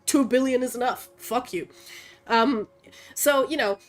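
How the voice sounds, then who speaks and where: A young woman streamer rants in a blunt, profane, animated way, her voice fairly high and full of fillers. Soft music runs faintly behind her. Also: measured pace. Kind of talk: casual opinionated rant while gaming.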